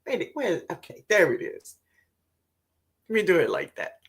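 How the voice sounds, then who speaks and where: A woman chats through a livestream at an unhurried pace. Her pitch rises and falls in big, lively swings. She laughs easily and calls her viewers baby, honey and sweetheart as she reads their comments aloud. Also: husky. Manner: excitable and laughing. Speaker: livestream host, gardener. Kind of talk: casual livestream chat, reading comments aloud.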